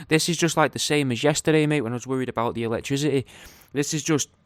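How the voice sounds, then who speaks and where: Brit bloke, mid-pitched, profane rambling ranter, dry close sound. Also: male voice, fast, no room sound. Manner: ranting, profane, comically speculative. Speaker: podcaster giving a daily update. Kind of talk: rambling solo monologue.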